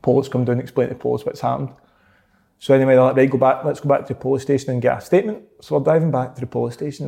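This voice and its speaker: Here a Scottish man's gravelly, medium-pitched voice carries a casual story. Animated and quick to laugh, he acts out the quotes as he goes.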